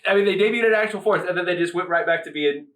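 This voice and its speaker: A man co-hosting a casual chat show, talking with lively energy, repeating words, and mimicking loud voices. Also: high-pitched, very fast, distant mic. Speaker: co-host.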